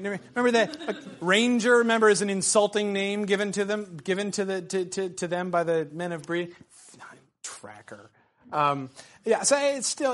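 A man giving a casual literature lecture, talking conversationally with many fillers and restarts. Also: high voice. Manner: conversational, frequent fillers and restarts, reads quotes aloud.

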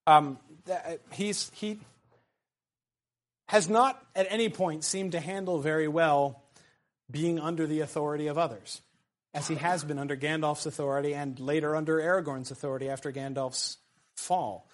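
A man's voice: a little high, normal speed. Chatty male lecturer with fillers. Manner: conversational, frequent fillers and restarts, reads quotes aloud. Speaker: literature lecturer. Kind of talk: casual lecture.

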